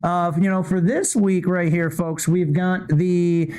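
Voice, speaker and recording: Rambling young man with a high, smooth voice. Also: steady tone, slow pace, a little mellow. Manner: rambling, stammers and restarts, says "bro" and "man". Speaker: podcast co-host. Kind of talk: casual chat.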